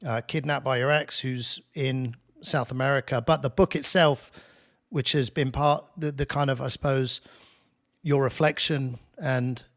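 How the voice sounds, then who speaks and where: A man hosting a laid-back podcast at an ordinary mid pitch. He asks questions in a loose, conversational way and laughs easily along with his guest. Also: measured pace. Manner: relaxed, chatty, laughs easily. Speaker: podcast host. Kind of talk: casual podcast interview.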